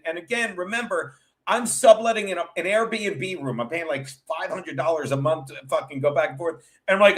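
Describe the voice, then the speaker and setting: A man's voice: a little high, fairly quick, fairly bright tone. A man hosting a show as a comedian, telling rambling stories in a casual, profane, chatty way. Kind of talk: casual rambling storytelling chat.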